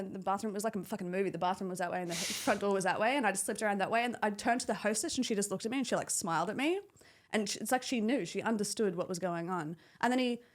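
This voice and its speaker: Quick-talking young woman cohost, swears a lot, acts out what ppl said. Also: medium pitch. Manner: animated storytelling, acts out quotes, swears freely. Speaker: podcast co-host. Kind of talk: casual chat.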